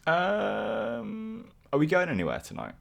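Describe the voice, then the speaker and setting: Gravelly, lively man at a game table. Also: high voice, measured pace, soft background music. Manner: hesitant, trailing off. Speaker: player. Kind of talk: casual tabletop play.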